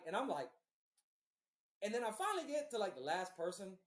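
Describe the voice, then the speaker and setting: A man's voice: high voice, very animated, brisk, pauses often. Man telling a rambling story, roomy sound. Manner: profane, rambling, conversational. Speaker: podcast host. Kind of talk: casual storytelling. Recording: roomy echo.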